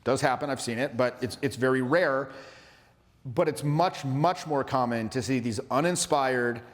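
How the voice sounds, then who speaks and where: A man coaching a class in a casual teaching talk, who acts out quotes in silly high voices. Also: big-room sound. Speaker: social skills coach.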